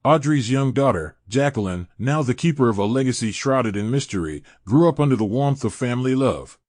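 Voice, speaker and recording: A man giving a scripted, dramatic true crime narration in a measured storytelling delivery. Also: medium pitch, lively intonation, a little mellow, no room sound, clean studio sound.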